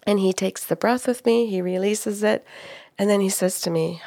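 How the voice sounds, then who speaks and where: A woman's voice: medium pitch, normal speed, no room sound, studio quality. A woman working as a psychic medium, recounting a session in a conversation and acting out the quotes as she goes. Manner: animated retelling, acting out quotes. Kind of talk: storytelling in a conversation.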